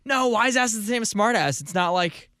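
A man's voice: high voice, animated, fairly quick, pushed and bright, no echo, clean studio sound. A man co-hosting a casual comedy podcast, playful and fond of doing silly voices for bits. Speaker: podcast co-host.

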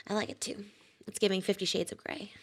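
Soft-spoken giggly woman podcast host. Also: mid-range voice, level tone, fast talker, breathy edge. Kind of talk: casual chat.

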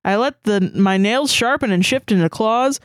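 A woman's voice: fairly high pitch, moderate pace, no echo. Woman reading fanfiction aloud, dry sound. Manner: reads with playful asides and laughs. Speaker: podcast co-host.

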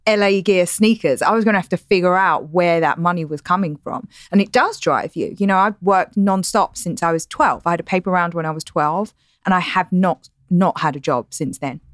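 Woman, 40s, softened East London accent, casual interview guest, lots of fillers, dry studio sound. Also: fairly low pitch, normal speed, no room sound. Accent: East London English, softened. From East London, England. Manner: candid, laughs easily, many fillers like "like" and "you know". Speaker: guest entrepreneur. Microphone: studio podcast mic.

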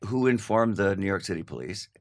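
An older man, a guest actor, telling candid anecdotes in an interview, animated and laughing, slipping into voiced quotes. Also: lowish voice, brisk.

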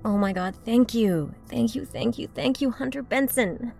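A woman's voice: on the high side, moderate pace, creaky, a little mellow. A woman voicing a cheerful, teasing young wife in a narrated story. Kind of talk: audio drama dialogue. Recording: faint background music.

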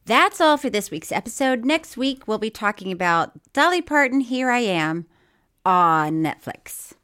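Woman co-host, middle-aged, slightly high and very animated, giggly casual chat. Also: measured pace, clear, resonant tone. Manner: laughs often, reads listener mail aloud. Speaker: podcast co-host.

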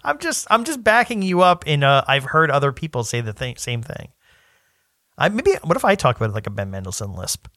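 A young man co-hosting a podcast, rambling and animated in casual chat. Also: medium pitch, a little fast, no room sound, clean studio sound. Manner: animated, rambling, laughs often. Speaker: podcast co-host.

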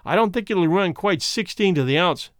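A man's voice: high-pitched, expressive, normal speed, fairly bright tone, no echo, studio quality. A man reading an audiobook, voicing a smug, scheming man who speaks in a soothing, mocking, overly polite way.

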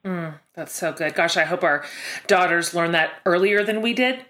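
A woman's voice: fairly low pitch, normal speed, fairly bright tone. Effusive middle-aged woman host. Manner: enthusiastic, effusive, self-deprecating. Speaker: podcast host. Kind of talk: casual interview chat.

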